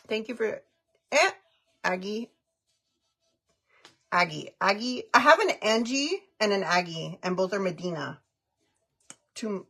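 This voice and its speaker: Gravelly-voiced chatty woman livestreaming. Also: mid-range voice, expressive, a little slow, long pauses, fairly bright tone. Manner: chatty, giggly, greets viewers by name; mixes Spanish phrases into English. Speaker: livestreaming makeup vlogger. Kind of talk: casual live-stream chat.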